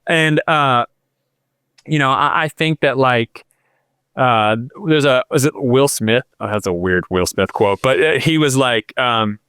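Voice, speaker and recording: A man's voice: mid-range voice, a little slow, fairly bright tone, clear, resonant tone, no echo, studio quality. A man in his thirties, a podcast guest, telling stories in a rambling, filler-heavy way, openly emotional and candid. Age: 30s. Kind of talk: casual podcast conversation.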